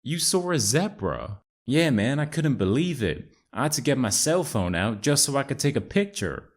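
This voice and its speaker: A man putting on an American accent to voice Chad, an excitable, laid-back young American guy who calls everyone dude and bro. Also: mid-range voice, moderate pace, voice pushed up. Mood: excited. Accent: put-on American.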